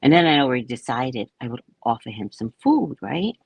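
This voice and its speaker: A woman psychic casually telling a story about her neighbors, animated and acting out the people she quotes. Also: extremely low pitch, brisk, vocal fry, breathy edge, no echo. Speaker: psychic reader.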